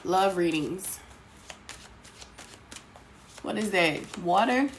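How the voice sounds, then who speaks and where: A woman's voice: medium pitch, measured pace. A woman hosting a casual live tarot stream, greeting viewers by name and calling them sweetheart. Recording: noisy home recording.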